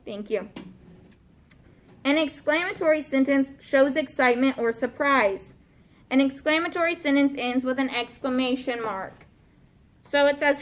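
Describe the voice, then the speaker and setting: A woman with a high voice teaches a grammar lesson in a classroom. She is patient and keeps checking in with her pupils, asking "okay?" and "right?" after almost every point. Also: takes it slowly, long pauses, fairly bright tone. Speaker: elementary school teacher.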